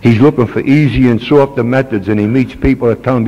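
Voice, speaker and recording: A man's voice: medium pitch, quick pace, hardly any pauses, dark tone. Older man speaking earnestly in a hall. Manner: plain-spoken, earnest, folksy. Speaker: recovery meeting speaker. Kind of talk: personal talk to a meeting. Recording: dull old tape with long reverb.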